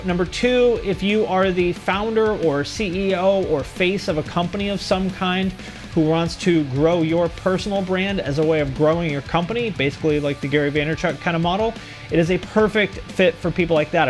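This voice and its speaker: A man hosting a podcast, talking in a casual, energetic way as he introduces the episode and its sponsors. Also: sits high. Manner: energetic, conversational, promotional read. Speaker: podcast host.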